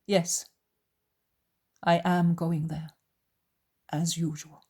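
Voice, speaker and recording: A woman reading as a calm, gentle male teacher in an audiobook. He speaks low and unhurried, in a very breathy, husky voice. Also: exaggerated voice.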